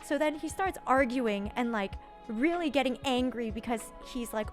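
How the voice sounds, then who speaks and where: A young woman streamer telling a story casually, animated, with lots of "like" and some swearing. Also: high-pitched, normal speed, faint music behind.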